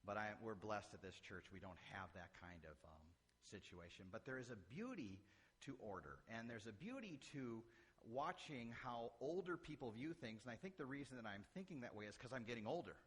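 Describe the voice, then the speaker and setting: A man's voice: medium pitch, lively intonation, a little fast, breathy edge. A middle-aged man from Illinois, a pastor preaching a sermon with folksy, humorous stories. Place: church sanctuary. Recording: church hall reverb.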